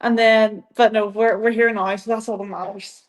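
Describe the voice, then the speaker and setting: A woman's voice: medium pitch, little pitch movement, moderate pace. A young woman with an Irish accent, a guest chatting casually in an interview, rambling with lots of "like" and frequent laughs. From Ireland. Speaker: guest athlete.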